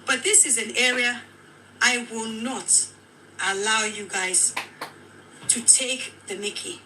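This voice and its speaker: A woman with a Nigerian accent, telling her own account as a widow, animated and quoting others in dialogue. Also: fairly high pitch, slow pace, background noise. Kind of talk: emotional personal account.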